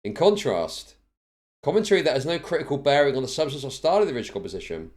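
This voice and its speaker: A man's voice: mid-range voice, sing-song, rapid-fire, a little mellow. A male live streamer reading a court ruling aloud, racing through the legal text and breaking off into bored, sardonic asides, recorded on a desk microphone.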